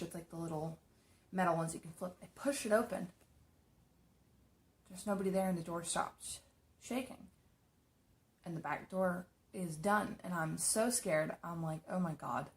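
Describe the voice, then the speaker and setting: Against slight background noise, a young woman with a lowish voice casually shares eerie stories from her own apartment. The beauty vlogger is chatty, animated in her retelling, and curses a lot.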